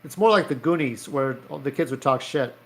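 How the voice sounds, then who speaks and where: A man's voice: mid-range voice, a little fast. Rambling, profane man walking through his comic. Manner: rambling, profane, full of fillers. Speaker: comic creator. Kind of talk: casual storytelling over his drawings.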